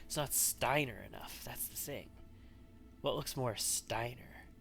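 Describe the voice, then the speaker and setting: A man's voice: mid-range voice, measured pace, gravelly, fairly bright tone. Male let's-play host, casual commentary into a desk mic, thinks aloud and wavers, faint background music. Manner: thinks aloud, musing and wavering over choices. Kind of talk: gameplay commentary.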